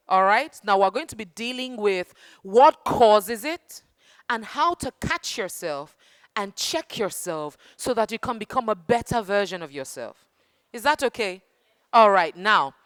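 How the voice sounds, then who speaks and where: Woman, high lively voice, dry sound, interactive talk to children. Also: measured pace, no room sound. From Nigeria. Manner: animated, calls children darling and baby. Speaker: children's book festival speaker. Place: festival hall with young audience.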